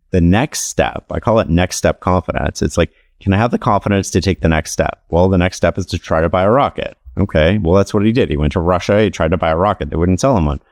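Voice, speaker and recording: A man, an author being interviewed, talking in a relaxed, anecdotal way with many casual fillers. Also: sits low, dry recording, studio quality. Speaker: author and podcast guest. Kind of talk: conversational interview storytelling.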